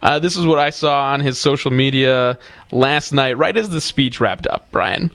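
A man co-hosting a casual political talk show, speaking in a measured way and restarting with repeated words. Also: medium pitch, animated, a bit bright, no room sound.

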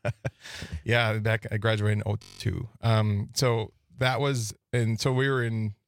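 A man in his forties from Wisconsin, a guest on a radio talk show, speaking hesitantly with many pauses and restarts. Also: lowish voice, flat delivery. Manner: hesitant, lots of uhs and restarts. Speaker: guest, veteran who runs a nonprofit. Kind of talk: casual radio interview. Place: radio studio.

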